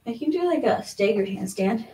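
A woman's voice: on the high side, animated, moderate pace, mellow. A young woman chatting casually to her viewers while she exercises, giggly and nervous, talking to herself and a little out of breath. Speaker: vlogger.

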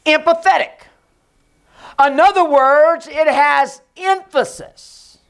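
A pastor giving an emphatic sermon in a church, sometimes hushed and sometimes shouting, and calling on the congregation to repeat his words. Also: very high voice, takes it slowly, vocal fry. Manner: leads the congregation in call and response. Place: church sanctuary.

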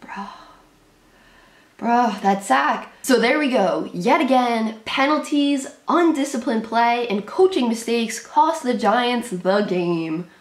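Reacting live to an American football game, a young female fan gives nervous, anxious play-by-play in short, clipped bursts, shrieking whenever a big play happens. Her voice is fairly high and expressive, her pace is slow, and the sound is roomy.

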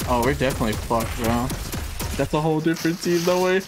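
A man streaming a shooter game live, swearing often and shouting at a teammate with frequent laughter. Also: quick pace, over music. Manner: laughs often, voice jumps high when excited. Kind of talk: live gaming stream commentary.

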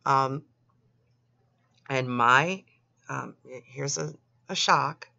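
Young woman, low voice but sharp and bright, reading chats out loud w/ snarky remarks, dry dull-ish mic. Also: drawn-out words, creaky, no room sound. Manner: sarcastic, disgusted asides. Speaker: commentary host. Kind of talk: reading chat logs aloud with commentary. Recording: dry, slightly dull lo-fi home recording.

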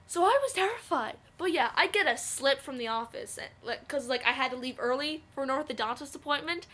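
A young woman vlogging, telling a story casually with lots of fillers and excitable outbursts. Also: high-pitched, fairly quick. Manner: rambling, filler-heavy, excitable.

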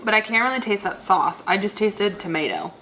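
A young woman co-hosting a food vlog, tasting fast food and chatting casually with dry, joking asides. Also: medium pitch, animated, bright, forceful tone, a little hiss or hum, low-quality recording. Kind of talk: casual food review chat.

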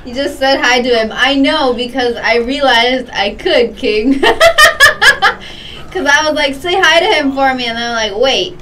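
A woman's voice: high-pitched, normal speed, a bit bright, recorded from a distance, slight background noise, low-quality recording. A young woman streaming a game, chatting casually and greeting her viewers by name with lots of giggles. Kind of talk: casual live-stream chat while gaming.

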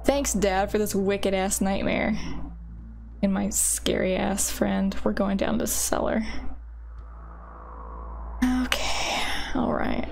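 A woman's voice: medium pitch, steady tone, slow, creaky, long pauses, darkish tone, a little hiss or hum. A woman commenting while she plays a horror game, nervous and swearing, talking back to the characters on screen. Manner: jittery, swears, talks to the game. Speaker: game streamer. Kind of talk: let's play commentary. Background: game music.

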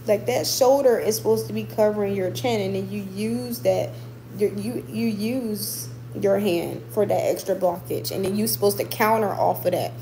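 A woman's voice: mid-range voice, normal speed, mellow, slight background noise, low-quality recording. A woman boxer chatting casually with her viewers, emphatic and repeating points for stress. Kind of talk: casual livestream chat with viewers.

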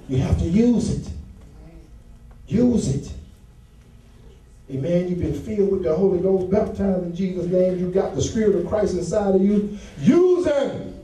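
A male associate pastor preaching a fervent sermon that swells into shouts, with call and response from the congregation. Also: fairly high pitch. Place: church sanctuary. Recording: very echoey church hall, mic far off.

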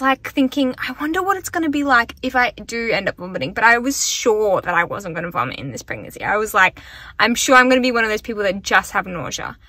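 A young woman with a bright, forceful, fairly high voice vlogs casually, recorded with no echo. She's tired and weak from being sick, chatting and rambling with lots of "like" in a vlog diary filmed first on a bus, then in a car.

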